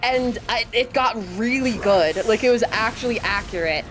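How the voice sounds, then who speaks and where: A woman's voice: on the high side, moderate pace, a bit bright, faint music behind. A woman streaming a video game, chatting casually with her audience and playfully protesting their teasing. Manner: playful, protests teasing from chat with mock indignation. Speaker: VTuber streamer. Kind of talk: casual gaming stream chat.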